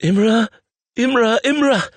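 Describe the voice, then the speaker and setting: A man voicing a frightened young man who shouts and pleads desperately. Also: on the high side, expressive, slow pace, husky, no room sound, voice pushed up, full character voice. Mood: panicked shouting.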